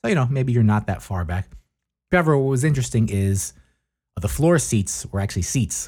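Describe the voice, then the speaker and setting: A man's voice: sits low, dark tone, husky. A man hosting a podcast, giving a casual, rambling concert review with many fillers. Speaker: podcast host.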